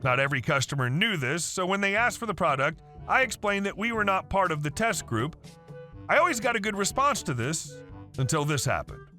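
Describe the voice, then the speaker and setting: A man reading a first-person story aloud in a lively, playful storytelling manner. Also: sits high, fairly quick. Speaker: story narrator. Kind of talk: scripted story narration. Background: faint background music.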